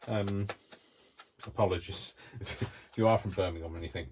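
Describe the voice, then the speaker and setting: Coventry-accented man, deep voice, chatty craft host muttering to himself mid-project. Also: normal speed, a little mellow, slight background noise. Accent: Coventry English. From Coventry, England. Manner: chatty, rambling, talks to himself while working. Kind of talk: casual crafting demonstration.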